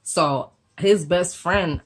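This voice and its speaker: Low husky woman vlogger, slangy storytime, cusses a lot, acts out everybody. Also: very slow. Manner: animated, slangy storytelling with swearing; acts out the voices of people in the story. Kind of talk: storytime vlog.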